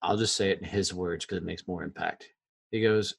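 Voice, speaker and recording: A man hosting a podcast, blunt and animated, swearing freely as he talks. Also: sits low, a little fast, creaky, breathy edge, no echo. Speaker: podcast host. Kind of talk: casual interview chat.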